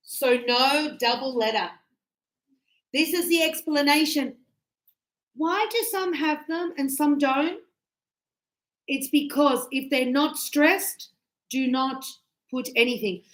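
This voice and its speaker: Slow, echoey English teacher woman. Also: high voice, a bit bright. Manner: slow, deliberate, stresses and repeats words. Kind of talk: grammar lesson.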